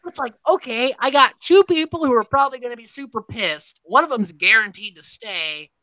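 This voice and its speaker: A woman's voice: fairly high pitch, expressive, normal speed, bright, forceful tone, dry recording, low-quality recording. A woman hosting a casual podcast recap, talking animatedly and swearing casually. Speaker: podcast host. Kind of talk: casual reality-show recap chat.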